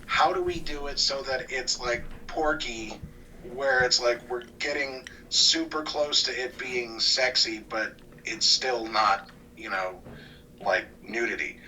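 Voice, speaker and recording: A man guest talking casually about cartoons, rambling and restarting, often trailing off quieter. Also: medium pitch, slow pace. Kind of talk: casual interview chat. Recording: distant mic with faint noise.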